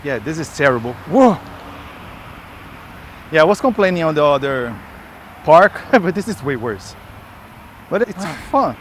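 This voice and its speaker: A man with a somewhat high voice talks while skating through a park, breathing hard between his rambling, chatty asides. The sound comes from a camera he carries or wears on his body. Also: very animated, a little slow, pauses often, a little hiss or hum. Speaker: skate builder vlogger. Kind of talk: casual vlog while skating. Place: outdoor park with trees. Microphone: camera held in hand or strapped to body.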